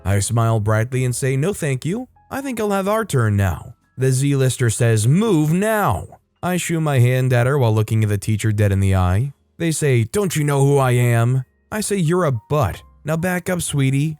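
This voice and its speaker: A man narrating online stories aloud, reading them in an expressive way and shifting his tone for quoted dialogue. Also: mid-range voice, normal speed, clear, resonant tone, no room sound, faint music behind. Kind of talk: scripted story narration.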